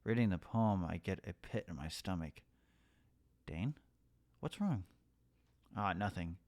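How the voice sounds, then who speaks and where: A man playing a story game, reading its text aloud in a hushed voice and breaking off to swear and react. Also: animated, unhurried, no echo. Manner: reads the story in a hushed, low voice, breaking into swearing and alarmed outbursts. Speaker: gaming YouTuber. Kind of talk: reading a visual novel aloud while playing.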